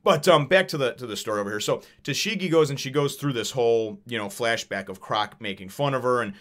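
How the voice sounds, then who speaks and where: A man's voice: mid-range voice, a little fast, fairly bright tone. A man reviewing a manga chapter in casual, rambling talk, full of fillers, curses and chuckles. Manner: rambling, profane, many fillers and laughs. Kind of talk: casual chat.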